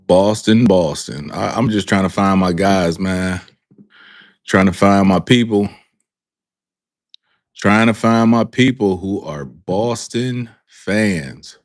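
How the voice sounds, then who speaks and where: Slow-talking man hosting a live sports stream. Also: low-pitched, dry recording, studio quality. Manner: drawn-out, repetitive, calling out to viewers. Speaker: sports talk show host. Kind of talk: live-stream reaction talk. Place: home studio with a green background.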